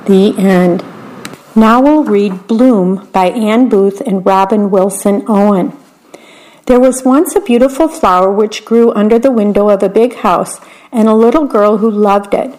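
A woman reading picture books aloud in a gentle, unhurried way, describing the pictures as she goes. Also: mid-range voice, low-quality recording. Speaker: storyteller.

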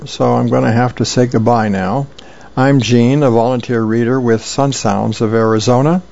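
A man volunteering as a radio reader, reading comic strips aloud in a relaxed, conversational way, heard over dull lo-fi radio. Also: mid-range voice, creaky.

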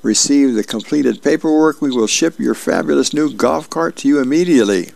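A man voicing a cheerful telemarketer announcing a prize win in a raised salesy pitch. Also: lively intonation, brisk, gravelly, darkish tone, no room sound.

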